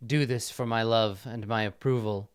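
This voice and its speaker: A man voicing a vain, imperious queen who speaks coldly and with measured slowness. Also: on the low side, fairly even intonation, clear, resonant tone, dry recording, clean studio sound, lightly acted. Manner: imperious, cold, slow and measured. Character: haughty veiled queen, woman, imperious and vain.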